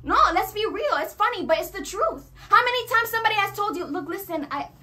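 A woman preaching a sermon, animated and acting out quoted voices as she addresses the congregation. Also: very high voice, fast talker.

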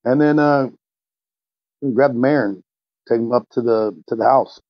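A man's voice: mid-range voice, moderate pace, no room sound. A man playing a tabletop game, describing his hero's actions in a blunt, casual way. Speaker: player. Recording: slightly muffled lo-fi audio.

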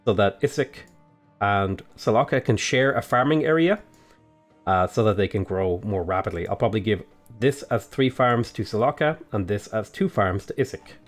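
A man with an Australian accent casually talking through a strategy game tutorial, explaining his moves in a relaxed way. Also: lowish voice, moderate pace, soft background music. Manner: relaxed, explanatory, frequent "uh" and "go ahead". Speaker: gaming YouTuber.

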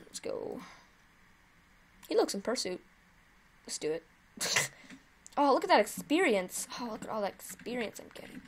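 A woman hosting her own gaming video, giving chatty, excitable live commentary while she plays and cheering at her wins. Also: medium pitch, creaky, a little hiss or hum.

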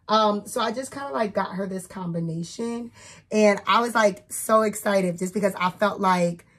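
A woman's voice: medium pitch, breathy edge. Young woman vlogger from New Jersey, casual and chatty, peppers her talk with fillers, mid-range voice. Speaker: teacher. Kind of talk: casual chat, showing gifts to camera.

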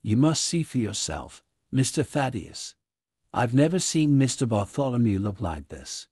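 A man reading as a fretful old housemaid in a storybook reading. The voice is husky and stays in the reader's own range, recorded dry and close. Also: medium pitch, sing-song, unhurried, warm tone, no echo. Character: worried old female housemaid.

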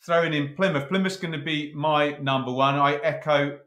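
A man's voice: fairly high pitch, steady tone, moderate pace, fairly bright tone, echoey room. A man hosting a casual chat, talking straight to his viewers in a chatty way. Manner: chatty, addresses the viewers directly. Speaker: host.

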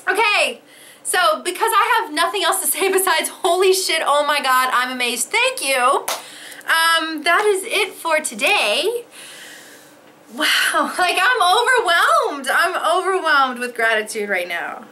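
A woman opening fan mail in casual, unhurried chat, overwhelmed with emotion. Her voice is high and bright, swinging widely as she gasps and swears. A faint hiss sits under the recording. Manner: gasping, excitable, swears freely.

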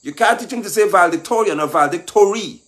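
A man giving an impassioned, mocking political monologue that rises at times to shouting. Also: high-pitched, lively intonation, quick pace. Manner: mocking, lecturing, rising to shouts. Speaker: political commentator.

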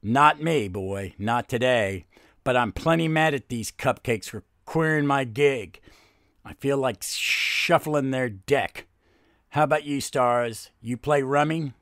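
A man reading as a gruff ex-supervillain. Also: medium pitch, slow pace, a bit bright, dry recording, studio quality. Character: gruff older male ex-supervillain.

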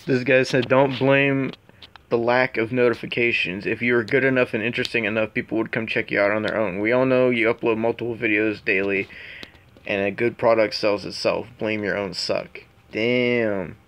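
A man's voice: on the low side, steady tone, moderate pace, a bit bright, a little hiss or hum. A man reading out comments in a casual reaction commentary, laughing often as he reads. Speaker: YouTube commentary host.

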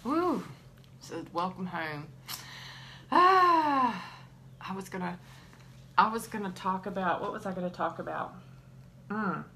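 A woman's voice: fairly low pitch, fairly even intonation, moderate pace, creaky, bright, forceful tone, slight background noise. A middle-aged woman hosting a casual devotional talk, chatty and laughing often. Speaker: ministry host.

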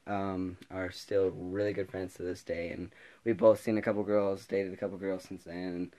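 A teenage boy spins a casual story from his school days, with a fairly low voice. He rambles, restarts and laughs as he talks to his viewers. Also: normal speed. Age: teens. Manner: rambling, laughing, animated retelling. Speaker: vlogger.

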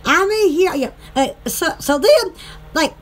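This online shop seller, an Alabama woman with a Southern US accent, giggles and rambles through a casual live-stream chat, easily distracted. She has a very high-pitched voice, lively intonation and an unhurried pace.

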